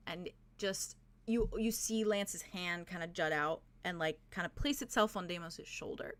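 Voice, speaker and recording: A woman's voice: fairly low pitch, moderate pace, hardly any pauses, a bit bright. A young adult woman narrating a tabletop game as game master, describing scenes with frequent fillers.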